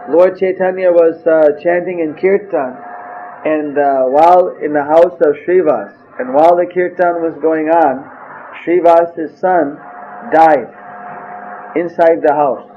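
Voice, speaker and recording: A man's voice: a little high, fairly even intonation, takes it slowly, highs cut off, slight background noise. A man giving a scripture lecture, telling stories and often saying "you see". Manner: storytelling with acted quotes, frequent "you see". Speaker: spiritual teacher.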